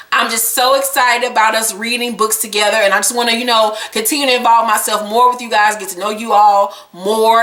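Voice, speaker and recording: Bright-voiced woman vlogger. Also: fairly high pitch, roomy sound. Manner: profane, animated storytelling. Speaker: vlogger and reality-show recapper. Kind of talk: casual chat.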